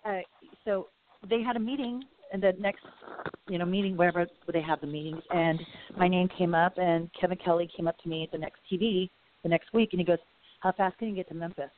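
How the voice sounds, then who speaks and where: A woman's voice: lowish voice, steady tone, brisk, a little hiss or hum. A middle-aged woman, a guest in a casual interview, telling long rambling stories full of "you know" and acted-out quotes. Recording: phone-like audio.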